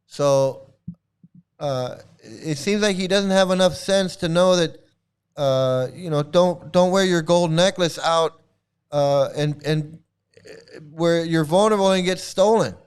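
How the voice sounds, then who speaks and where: A man reacts to a clip with blunt scorn, stumbling into restarts and repeating his points. His voice is smooth and clear. It sits a little high for a man. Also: slow. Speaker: commentary host. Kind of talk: mocking reaction commentary.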